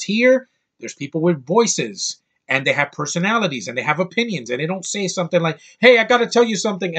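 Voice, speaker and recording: A man's voice: a little high, a bit bright. A man giving a casual, rambling spoken film review, enthusiastic and full of restarts. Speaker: movie reviewer.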